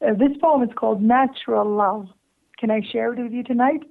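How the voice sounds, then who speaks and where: A woman caller from Canada reading her own love poem slowly and tenderly over the phone. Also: a little high, gravelly. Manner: slow, tender recital with laughing asides. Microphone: telephone. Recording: tinny phone line.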